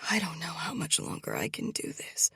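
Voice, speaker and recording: A woman narrator voicing a terrified, parched young woman held captive, pleading in a raspy, trembling voice. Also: medium pitch, very slow, no room sound, clean studio sound, heavily acted. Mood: despairing. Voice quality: raspy, cracked voice.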